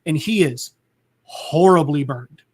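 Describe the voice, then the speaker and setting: A podcast host talks a listener through a comic book scene. His voice sits a bit high for a man. He rambles, stumbles and fills his speech with "like". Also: takes it slowly, darkish tone, breathy edge. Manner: rambling, full of "like" and restarts. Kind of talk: casual comic book recap.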